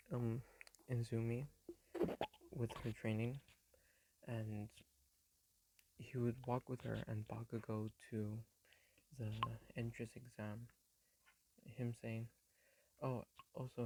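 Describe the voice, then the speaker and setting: A man's voice: medium pitch, little pitch movement, normal speed, long pauses, very noisy. A man casually retelling a fan story on his phone, rambling with lots of ums and likes and mumbling some of the quoted lines.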